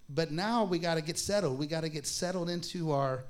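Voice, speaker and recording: Male pastor, slightly raised pitch, chatty Bible teacher who acts out quotes and laughs easily. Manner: conversational, acts out voices in stories, laughs often; reads scripture aloud slowly.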